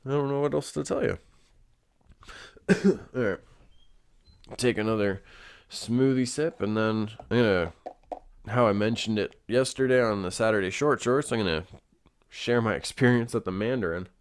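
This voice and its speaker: A man's voice: lowish voice, moderate pace, long pauses, clean tone. A young man hosting a casual solo show, rambling with lots of fillers and swearing. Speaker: podcast host.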